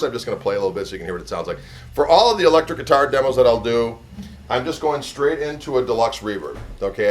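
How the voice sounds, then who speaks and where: A middle-aged man, a guitarist, casually telling a story and introducing a pickup demo in a rambling, conversational way. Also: medium pitch. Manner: rambling, conversational, full of "you know".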